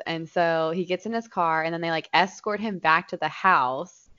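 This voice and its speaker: A woman's voice: low-pitched, moderate pace, clear, resonant tone, muffled recording. A young woman co-hosting a podcast, telling a story in casual chat and swearing freely. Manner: swears freely, tells stories with lively quoted voices. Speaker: podcast co-host.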